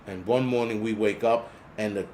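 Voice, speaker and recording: A man's voice: lowish voice, steady tone, normal speed, a little mellow, slight background noise. A man hosting a prepper channel, chatting casually on a live stream, rambling, swearing and reading out chat names. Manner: rambling, profane, reads chat names aloud.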